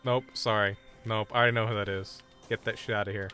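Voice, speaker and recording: Bright-voiced blunt male streamer. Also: on the low side, fairly even intonation, quick pace, faint music behind. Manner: blunt, dismissive banter with chat. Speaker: game streamer. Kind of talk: casual live-stream chat while gaming.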